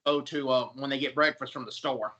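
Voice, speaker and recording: A man's voice: medium pitch, fairly even intonation, a little fast, sharp tone, dull audio. A young man from Mississippi with a Southern American accent, a guest answering questions in a casual chat, hesitant with many fillers. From Mississippi, USA.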